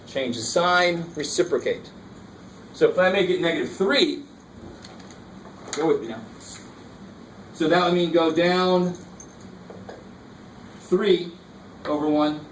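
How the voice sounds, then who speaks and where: Teaching a college math class, a man speaks slowly with frequent pauses in a slightly high voice, casual and engaged as he checks that students understand. The lecture was captured from afar in a roomy classroom with faint noise.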